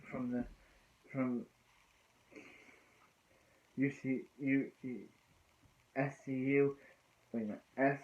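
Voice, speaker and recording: A man runs through a TV episode in a loose, rambling recap, stumbling over restarts and circling back with fillers. His voice sits at an ordinary middle pitch. The sound is narrow and tinny, like a phone line. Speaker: TV episode reviewer.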